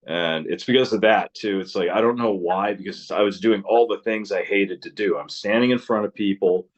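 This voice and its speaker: A man's voice: fairly low pitch, moderate pace. A man in his thirties, a musician guest in a casual interview, rambling through stories, swearing freely and laughing often.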